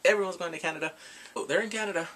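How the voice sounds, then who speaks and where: A somewhat high-voiced man rambles excitedly through a casual video review, gushing like a fan. He jumps from thought to thought in a loose, chatty way. A faint hum of room ambience sits behind him. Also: a little fast. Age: adult. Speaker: YouTube drama reviewer.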